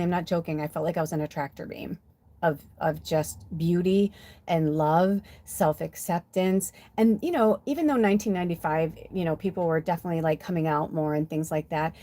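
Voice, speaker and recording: A woman's voice: lowish voice, quick pace, mellow. An American woman in her fifties, a spiritual medium hosting a livestream, telling stories in a chatty, heartfelt, rambling way. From United States. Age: 50s. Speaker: spiritual medium, oracle card reader. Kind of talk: casual livestream storytelling.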